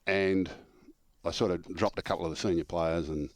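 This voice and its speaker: Older aussie bloke, real deep voice, dry close sound, tells footy yarns and acts out all the lines. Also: male voice, normal speed, no echo. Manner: animated storyteller, acts out quoted dialogue, laughs through punchlines. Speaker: former coach and show regular. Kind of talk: casual storytelling chat.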